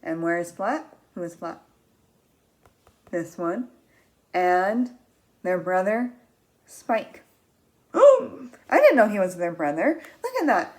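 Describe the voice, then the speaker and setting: A woman teaching young children, reading a picture book aloud in an animated, expressive way, gasping and asking them questions. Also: on the low side. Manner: animated and expressive, with frequent gasps and drawn-out words.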